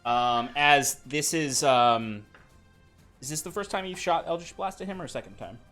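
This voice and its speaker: A man acting as game master for a tabletop game, his voice bright and cutting. He is excitable and laughs often, and he restarts sentences as he narrates the action. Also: a little high, moderate pace, soft background music. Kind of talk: running a tabletop game, casual chat.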